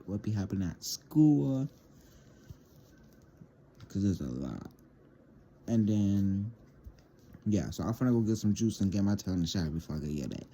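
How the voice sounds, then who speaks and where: A teenage boy vlogger tells his viewers a rambling storytime, stammering and repeating words along the way. His voice is fairly low and warm, with a little background noise behind it.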